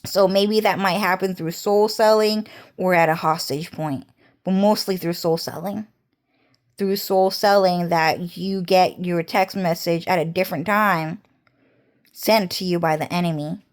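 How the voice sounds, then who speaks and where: A woman vlogger talks through a personal story at a slow, unhurried pace, in a slightly low voice. She rambles, swears freely and keeps circling back with "so anyways". The tone is casual and conversational. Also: steady tone. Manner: rambling, profane, frequent "so anyways" and "um".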